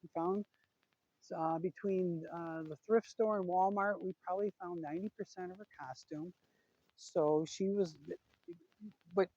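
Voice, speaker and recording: A woman's voice: fairly low pitch, mellow, no echo, muffled recording. A middle-aged woman vlogging a casual personal update, chatty and retelling a conversation with lots of "he goes".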